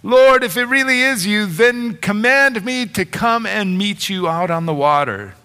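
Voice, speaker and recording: A man voicing a frightened apostle in a storm, raising his voice to plead and shout. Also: sits high, expressive, unhurried, clean tone, voice pushed up, full character voice. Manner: pleading, raised, then shouting for help. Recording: long hall reverb.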